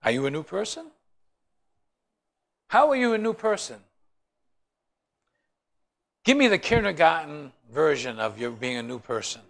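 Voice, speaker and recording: Gravelly guy leading bible study, tells funny stories, keeps asking the group stuff, voice a bit high. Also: lively intonation, unhurried, long pauses, a bit bright. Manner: joking, storytelling, asks the group questions. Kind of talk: animated Bible study teaching.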